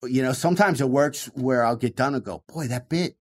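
A man with a Michigan accent, a stand-up comedian talking fast and animatedly in an interview, swinging his voice up and down to show his points. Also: medium pitch. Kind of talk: casual interview talk.

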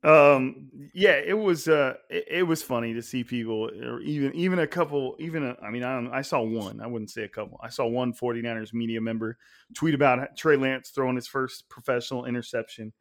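A man co-hosting a sports podcast in casual chat, animated and emphatic, swearing freely. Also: mid-range voice, brisk.

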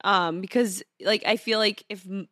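A woman's voice: medium pitch, fairly even intonation, normal speed, bright, forceful tone, dry recording. Woman giving her take on a podcast, dry close mic, mid voice. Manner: thoughtful, weighing in with opinions. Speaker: podcast co-host. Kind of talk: casual chat.

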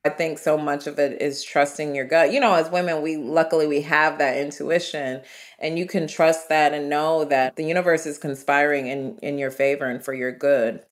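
A woman from the United States, a traveler and interview guest, telling her travel stories in an animated, vivid way. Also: sits low, normal speed. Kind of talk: storytelling in an interview.

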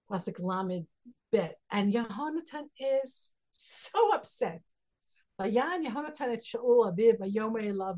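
A woman's voice: on the high side, unhurried, a little mellow. A woman teaching a text study class, reading verses aloud and then explaining them, acting out the quotes with rising emphasis. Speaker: Torah teacher.

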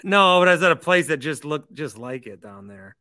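A man's voice: fairly high pitch, big pitch swings, a little fast, sharp tone. A man hosting a call-in podcast, chatting casually and teasing his callers. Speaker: podcast host.

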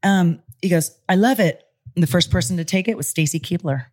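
Low-voiced woman telling lively stories. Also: quick pace. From California. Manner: animated, acts out quoted voices. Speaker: interview guest, former pro wrestler. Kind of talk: casual storytelling interview. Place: studio in Los Angeles.

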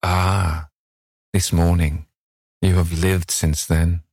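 A languid, cynical aristocrat trading in witty epigrams, read by a man. The voice is deep and unhurried, and the recording is dry and close. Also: flat delivery, a little mellow, breathy edge, dry recording, heavily acted.

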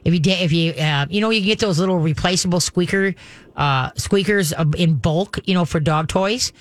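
A woman's voice: fairly low pitch, moderate pace, no room sound. Woman, radio call-in host, chatty, rambling, giggly, dry studio sound. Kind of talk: call-in advice talk.

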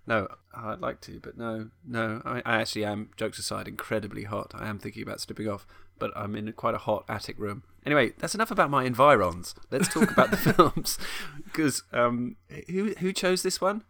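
A man's voice: on the low side, brisk, creaky, few pauses, sharp tone, a little hiss or hum. A man co-hosting a film podcast from an attic room at home, in casual, self-deprecating and rambling chat with frequent restarts. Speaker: podcast co-host.

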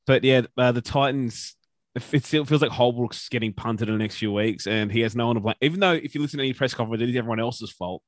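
A man's voice: medium pitch, fast, no echo, studio quality. A man with an Australian accent talking sports in a casual podcast chat, opinionated and ranting, with some swearing. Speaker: podcast co-host.

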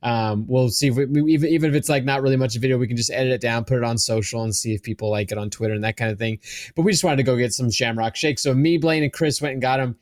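A man's voice: medium pitch, steady tone, very fast. Rambling man telling a podcast story. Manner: rambling anecdote with frequent fillers. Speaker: podcast regular. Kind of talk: casual chat.

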